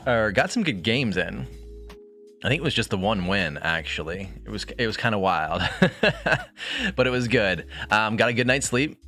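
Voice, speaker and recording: A man's voice: lowish voice, fairly bright tone. A man streaming from his bedroom, chatting reflectively with viewers and reading a book aloud in a rambling, casual way.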